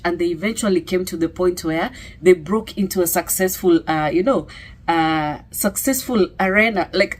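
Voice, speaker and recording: A middle-aged woman with a Kenyan accent sharing a personal testimony in a conversational way, full of fillers and "okay?" tags. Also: fairly low pitch. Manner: conversational, many fillers and tag questions.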